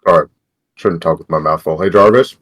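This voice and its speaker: A man's voice: deep voice, fairly quick, a bit bright. A man playing a character in a tabletop game, joking casually with the others. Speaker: player.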